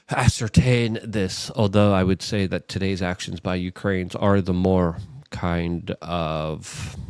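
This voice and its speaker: A man hosting casual political commentary, animated and full of mocking asides, often jumping into high exaggerated voices to imitate others. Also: vocal fry, no echo.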